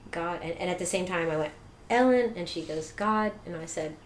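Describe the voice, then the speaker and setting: Animated middle-aged woman, echoey room. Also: fairly low pitch, brisk. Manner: animated, laughs often, acts out quoted dialogue. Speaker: guest. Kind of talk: personal storytelling. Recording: echoey room with faint noise.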